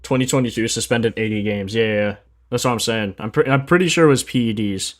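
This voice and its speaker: This guy talks fast in a lowish voice. Freshly woken and drowsy, he runs a relaxed, slang-heavy sports betting livestream, reading out stats and replying to chat.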